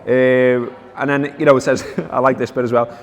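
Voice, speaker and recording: A man's voice: mid-range voice, little pitch movement, moderate pace, big-room sound. A man hosting a casual football chat, telling stories wryly, with lots of fillers. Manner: wry storytelling, reads out quotes, many fillers. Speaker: podcast host.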